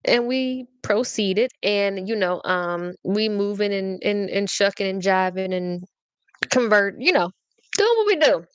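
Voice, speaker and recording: Animated woman podcast host spilling a story. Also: mid-range voice, measured pace, smooth, dry recording. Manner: animated, slangy, keeps checking in with listeners. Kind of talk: casual confessional storytelling.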